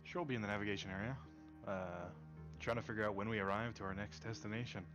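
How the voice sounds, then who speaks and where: A man's voice: on the low side, steady tone, fast, dull audio, over music. A man playing in a tabletop game, talking casually and a little hesitantly. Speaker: player.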